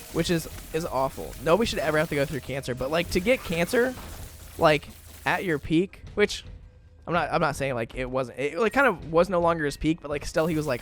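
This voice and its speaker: Rambling young man with lively pitch. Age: 20s. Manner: rambling storytelling with many fillers. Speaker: gaming YouTuber. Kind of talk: casual let's-play commentary.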